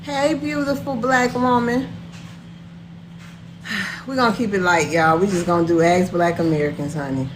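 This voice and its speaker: A woman's voice: medium pitch, moderate pace, long pauses, background noise. A woman hosting a casual live stream, chatting and greeting viewers by name in a folksy way.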